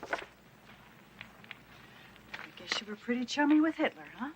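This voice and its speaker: An actress playing a calm, sharp-witted woman police detective who lays out the case matter-of-factly. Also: sits high, measured pace, a little hiss or hum, low-quality recording. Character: level-headed woman detective, adult.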